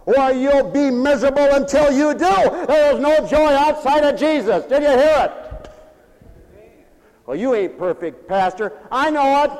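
A pastor preaches with playful energy, repeating lines and calling for an amen from his congregation. His voice is unusually high for a man and swoops up and down constantly. The sound rings with the long reverb of a big church. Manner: animated, playful, repetitive preaching with call-and-response. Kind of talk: sermon.

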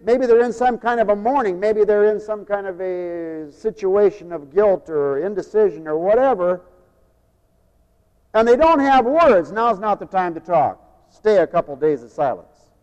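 A man with a fairly high voice delivers a sermon to his congregation. He swings from emphatic, raised phrases down to quiet, personal storytelling. The recording is a dull, lo-fi tape, with long reverb from the hall. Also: lively intonation, a little slow, clear, resonant tone. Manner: emphatic preaching, rising pitch on key phrases, quieter storytelling asides. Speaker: preacher.

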